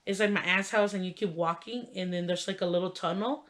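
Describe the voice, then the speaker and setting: A woman's voice: on the low side, fairly even intonation, a little fast, fairly bright tone. A young adult woman vlogger telling a funny childhood story in a casual, chatty way, full of "like" and "you know" fillers. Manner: laughs while telling the story.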